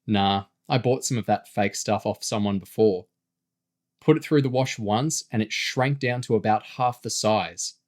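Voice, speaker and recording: A man's voice: on the low side, measured pace, darkish tone, natural voice. A man reading a story aloud, voicing a chatty, slightly nervous teenage girl who brushes things off. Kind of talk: audiobook character voice.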